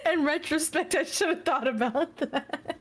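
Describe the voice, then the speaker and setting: A woman playing in a tabletop game, talking slowly through laughter. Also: sits high, dry recording. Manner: laughing, slow talk. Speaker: player. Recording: crowd noise behind.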